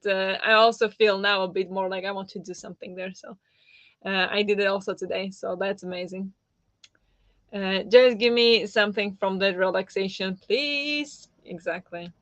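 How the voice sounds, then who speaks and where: A woman chatting casually on a livestream, trailing into fillers and reacting to comments as she goes. Her voice sits at a middling pitch. The sound is dull and lo-fi, with no room echo at all. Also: fairly bright tone. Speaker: livestream host.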